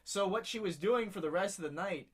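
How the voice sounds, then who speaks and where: Brisk and slightly rough, this young man's voice sits high as he co-hosts a casual podcast. He's an animated storyteller who laughs a lot.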